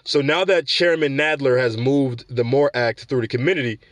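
A man's voice: mid-range voice, steady tone, moderate pace, a bit bright, no echo. A man hosting a show, reading news aloud and breaking off for casual commentary. He trips over words and corrects himself. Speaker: show host.

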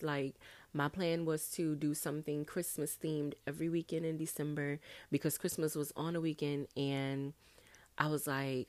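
A young woman hosting a casual solo podcast, chatty and animated, talking straight to her listeners. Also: sits low, moderate pace, no echo. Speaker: podcast host.

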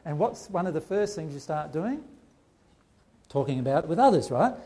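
A man's voice: a little high, big pitch swings, moderate pace, long pauses, warm tone, breathy edge. A man giving a conversational spiritual talk to a group, often putting rhetorical questions to his listeners. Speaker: spiritual teacher.

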